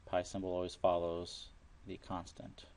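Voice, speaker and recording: A man's voice: low-pitched, completely flat delivery, moderate pace, darkish tone. A man teaching a recorded math lesson, explaining each step plainly and working problems aloud.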